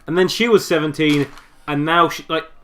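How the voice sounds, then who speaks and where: A man's voice: a little high, moderate pace, fairly bright tone, slight background noise. A young man co-hosting, breaking into a story reading with wry jokes and questions. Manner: joking, wry asides. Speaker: podcast co-host. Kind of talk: casual comedic banter.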